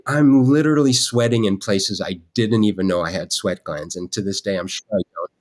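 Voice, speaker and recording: A man, a guest artist on a podcast, telling an animated, self-deprecating story with frequent restarts. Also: lowish voice, brisk, hardly any pauses.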